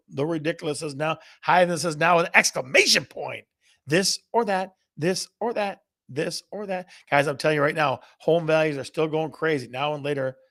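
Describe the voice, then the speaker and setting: Middle-aged guy hosting a real estate live stream, keeps repeating his questions to chat, kinda gravelly. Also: on the high side, a bit bright. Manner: playful, repeats questions to the audience. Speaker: real estate show host.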